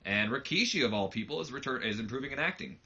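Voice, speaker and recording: A man's voice: mid-range voice, expressive, fast, bright, forceful tone, husky, muffled recording. Rambling male game commentator. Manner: rambling, loose, lots of fillers. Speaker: let's play host. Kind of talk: casual let's play commentary.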